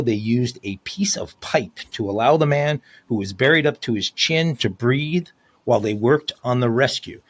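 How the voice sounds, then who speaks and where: A man's voice: mid-range voice, no room sound. A man co-hosting a crime podcast, reading news stories aloud in a casual, jokey way.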